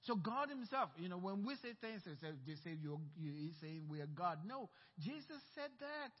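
High-voiced man preaching in a reverberant hall. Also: sing-song, moderate pace. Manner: impassioned preaching with personal storytelling. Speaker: pastor. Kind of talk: sermon. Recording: dull sound with long hall reverb.

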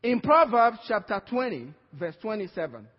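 Male pastor with a Nigerian accent, high and husky, emphatic call-and-response preaching; lo-fi church recording. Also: big pitch swings, normal speed. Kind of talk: sermon. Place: church hall. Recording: dull lo-fi sound with long hall reverb.

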